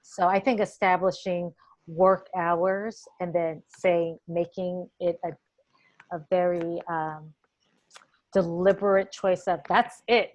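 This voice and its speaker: A woman's voice: on the low side, steady tone, slow pace, darkish tone, muffled recording. A woman teacher moderating a panel discussion over a video call, earnest and encouraging, often restarting her sentences.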